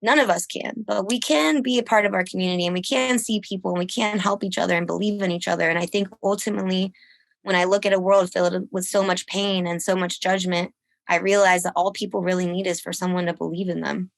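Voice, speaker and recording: A woman's voice: fast, vocal fry, dry recording. A woman guest, a musician, telling a story in a casual podcast chat, laughing often and acting out what people said. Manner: animated, laughs often, acts out quotes in a higher voice.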